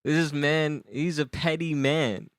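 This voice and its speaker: A man co-hosting a podcast in casual chat, mostly giving short replies and quick remarks. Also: fairly high pitch, no echo, studio quality. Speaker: podcast co-host.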